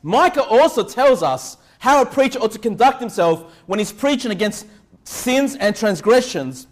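A man preaching a sermon as pastor, moving from calm teaching to loud shouted emphasis and often checking in with "all right?". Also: very high voice, normal speed. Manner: repeats "all right?" and "okay?" to the congregation.

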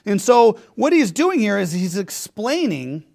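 Male preacher mid-sermon, emphatic and scornful, voice a bit high. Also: big pitch swings, measured pace, creaky, a little mellow. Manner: emphatic, mocking, repeats rhetorical questions.

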